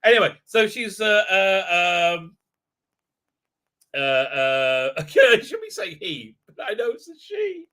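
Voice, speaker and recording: A high-voiced man hosts a live commentary stream in a rambling, sarcastic way. His tone is very bright and sharp, and he fills gaps with many fillers. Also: big pitch swings, takes it slowly. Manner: mocking put-on voices when quoting. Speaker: show host.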